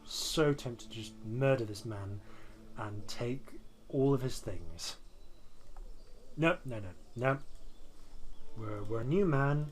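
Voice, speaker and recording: A man's voice: medium pitch, animated, slow pace, long pauses. A man hosting a let's play, giving casual gameplay commentary in a dry, wry, muttering way.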